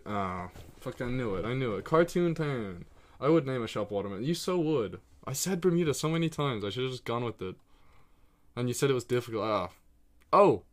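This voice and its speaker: A man streaming live, chatting casually and excitably to himself and his viewers while he plays a geography guessing game, swearing freely. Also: medium pitch.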